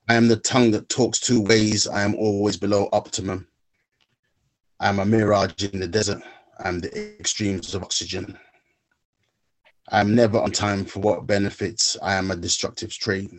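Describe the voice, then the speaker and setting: Low, flat-voiced man reciting poetry. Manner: measured, rhythmic recitation; halting, searching for words. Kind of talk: spoken word poem, then personal reflection.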